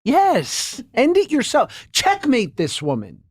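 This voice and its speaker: A man's voice: extremely high pitch, huge pitch swings, takes it slowly, no room sound, clean studio sound. Playful male podcast host. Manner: playful, joking. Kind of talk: casual chat.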